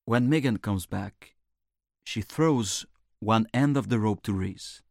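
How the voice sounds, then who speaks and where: A man narrating a storybook in a clear, measured storytelling manner. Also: on the low side, a little mellow, dry recording, studio quality.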